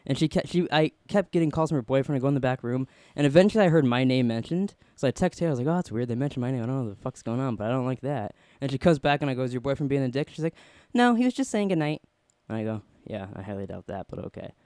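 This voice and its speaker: A man hosting a podcast, telling a story in a casual, animated way and acting out the people he quotes. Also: medium pitch, very fast, few pauses, dry recording, studio quality. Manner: animated, acts out quoted voices. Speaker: podcast host.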